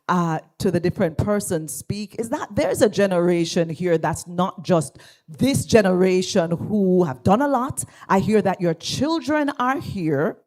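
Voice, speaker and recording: A Jamaican woman pastor giving a lively speech at an awards ceremony in a church, drawing the audience into call and response. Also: medium pitch. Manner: animated, engages the audience, asks for call and response. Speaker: guest speaker, pastor. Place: church hall.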